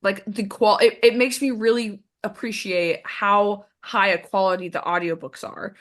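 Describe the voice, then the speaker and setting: A woman's voice: medium pitch, steady tone, normal speed. Woman podcast co-host, enthusiastic rambling book chat.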